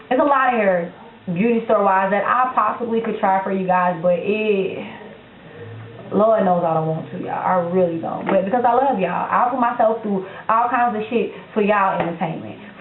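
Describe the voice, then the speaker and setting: A young woman from Florida with a Florida accent, talking bluntly and sassily to her viewers in a casual Q&A vlog, filmed on a handheld camera at home. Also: medium pitch. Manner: blunt and sassy, speaks directly to viewers. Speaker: vlogger. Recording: echoey room, tinny phone-like sound.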